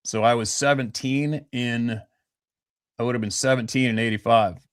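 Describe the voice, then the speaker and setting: Man, fifties, from Vancouver Island, blunt profane storyteller, dry close sound, mid-pitched. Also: fairly even intonation, normal speed, no echo. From Vancouver Island, Canada. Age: 50s. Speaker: interview guest. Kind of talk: casual storytelling interview.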